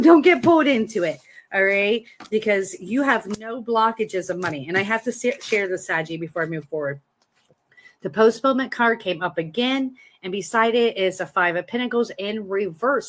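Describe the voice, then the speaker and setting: A woman's voice: on the high side, a bit bright, slight background noise. A woman hosting a live tarot reading from home, talking in a chatty, encouraging and reassuring way. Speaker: tarot reader.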